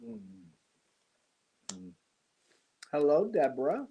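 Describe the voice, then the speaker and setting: Slow, tired man chatting on a yarn stream. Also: on the high side, wildly swooping pitch, warm tone, husky, poor audio. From United States. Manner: slow, halting, with many pauses and fillers. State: tired and congested after surgery. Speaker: host of a live yarn stream. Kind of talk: casual live-stream chat reading viewer comments.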